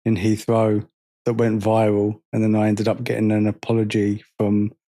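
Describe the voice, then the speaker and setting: A man co-hosting a podcast, chatting casually and telling lively stories, acting out the people he quotes. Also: fairly low pitch, moderate pace. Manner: animated storytelling, acts out quoted people. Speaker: podcast co-host. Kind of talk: casual chat.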